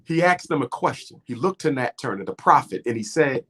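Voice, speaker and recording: A man's voice: medium pitch, animated, fairly quick, hardly any pauses, a bit bright, slightly rough. A middle-aged man speaking in a preacherly, rhythmic way, building emphasis through repetition. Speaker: guest speaker. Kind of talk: impassioned lecture in conversation.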